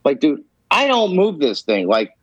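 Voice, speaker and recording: Swearing freely, a high-ish male voice rambles through an emphatic personal story on a podcast at a moderate pace, his pitch swinging hugely. It's relaxed storytelling in a dry recording with dull, lo-fi podcast sound.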